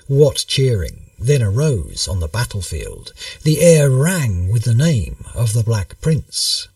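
A man narrating a history story in a measured, storytelling manner. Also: medium pitch, wildly swooping pitch, gravelly, a little mellow, dry recording, recorded from a distance.

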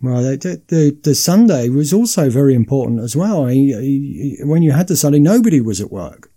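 A man's voice: mid-range voice, sing-song, normal speed, warm tone. A man hosting a casual podcast discussion, often repeating words at the start of phrases. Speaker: podcast host.

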